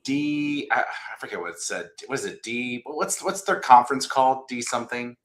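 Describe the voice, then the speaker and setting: A man co-hosting a casual livestream chat on a video call, excitable and rambling, saying "like" a lot. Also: medium pitch, moderate pace, a little hiss or hum. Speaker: livestream co-host.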